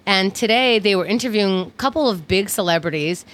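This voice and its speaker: A woman's voice: medium pitch, lively intonation, a little fast, fairly bright tone. A woman co-hosting a casual chat, giving blunt, emphatic opinions. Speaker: podcast co-host.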